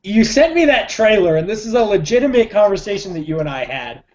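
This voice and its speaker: An excitable man co-hosting a podcast, with a high voice that leaps all over its range. He exclaims readily in casual chat. The recording sounds dull and lo-fi. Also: brisk. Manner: excitable, exclaiming, laughs often. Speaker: podcast co-host.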